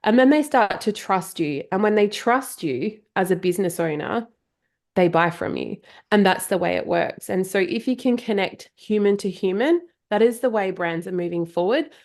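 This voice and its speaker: A woman's voice: mid-range voice, moderate pace, creaky. An Australian woman in her thirties, a guest on a podcast, talking energetically and a little out of breath. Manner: energetic, emphatic, repeats for emphasis. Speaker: podcast guest, marketing coach. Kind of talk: casual interview chat.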